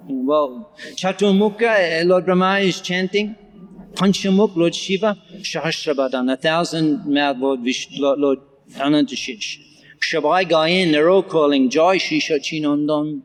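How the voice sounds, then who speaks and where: A man giving a scripture class. He reads Bengali verse lines slowly, repeats them, and explains each one in English in an animated way. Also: fairly high pitch. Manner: animated, with occasional laughter. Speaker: scripture lecturer. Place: large temple hall. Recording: long hall reverb.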